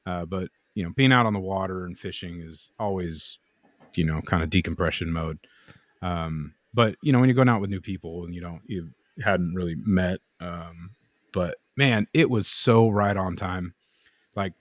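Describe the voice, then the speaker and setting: A man's voice: low-pitched, moderate pace, dry recording. A man co-hosting a podcast in casual chat, rambling through stories, swearing and acting out what people said. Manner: rambling storyteller, swears, acts out quotes. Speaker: podcast co-host, knifemaker.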